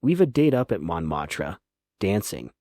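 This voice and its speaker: A man's voice: low-pitched, very animated, measured pace, mellow. A man reading a breezy, flippant English society woman in an audiobook, with clipped, airy upper-class phrasing. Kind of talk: audiobook character voice.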